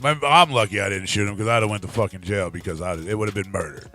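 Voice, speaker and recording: A man's voice: on the low side, fast, sharp tone, soft background music. A man hosting a live talk show, telling a profane story in casual chat and laughing often. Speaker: podcast host.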